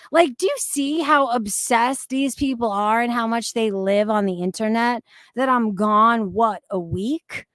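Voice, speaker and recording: Blunt, sarcastic woman streamer; unhurried, higher pitch, dry close sound. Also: fairly bright tone, no echo. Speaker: reaction streamer. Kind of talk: live stream commentary.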